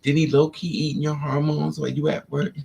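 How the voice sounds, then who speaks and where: A woman's voice: moderate pace, gravelly, slight background noise. A woman hosting a candid livestream monologue, sassy and blunt, peppering her stories with "honey" and "child" and jumping into dramatic put-on voices. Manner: animated, swings into dramatic high-pitched put-on voices for others. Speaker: livestream host.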